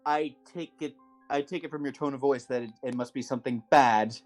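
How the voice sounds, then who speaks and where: A man's voice: mid-range voice, fairly even intonation, fairly quick, soft background music. A man player in a tabletop game, stammering and searching for words.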